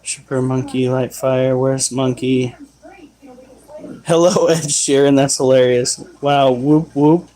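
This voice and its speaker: A man hosting a casual pet livestream, loudly scolding his dogs and reading chat comments aloud. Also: medium pitch, steady tone, takes it slowly, poor audio.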